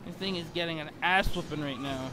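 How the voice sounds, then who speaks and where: A man giving excitable gameplay commentary while sick with a bad cough, breaking into frequent exclamations. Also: on the high side, fairly quick, background noise. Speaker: gamer.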